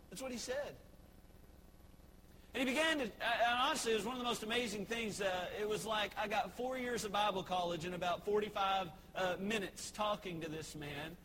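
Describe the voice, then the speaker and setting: A Texan man with a notably high voice preaches an evening sermon from the pulpit. He talks in a loose, storytelling way with frequent fillers. A clear hiss of noise sits under the recording. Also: fairly quick, sharp tone, low-quality recording. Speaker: pastor. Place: church sanctuary.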